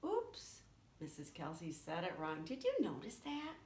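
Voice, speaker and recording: A woman music teacher giving a children's lesson, talking to young kids in a slow, sing-song way. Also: fairly low pitch, wildly swooping pitch, darkish tone. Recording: echoey room with faint noise.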